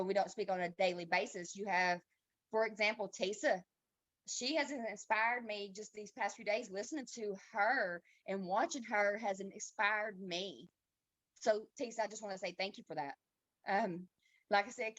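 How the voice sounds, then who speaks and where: A woman giving a heartfelt, halting testimony on a video call. She is tearful and pauses and restarts often. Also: mid-range voice, a bit bright, dry recording. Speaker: team member sharing a testimony. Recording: dull, dry lo-fi call audio.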